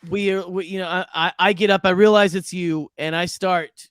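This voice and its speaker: A man's voice: high voice, fairly even intonation, moderate pace, fairly bright tone, smooth, dry recording. A man chatting casually as a player in a tabletop game, rambling with many restarts. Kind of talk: casual role-play chat.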